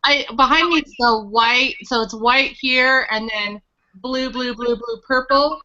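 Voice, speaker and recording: A woman's voice: a little high, a little slow, bright, forceful tone. A woman co-hosting a book club on a video call from a room at home, enthusiastic and joking. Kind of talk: casual video-call chat. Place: home room in front of bookshelves. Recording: dull lo-fi webcam call audio.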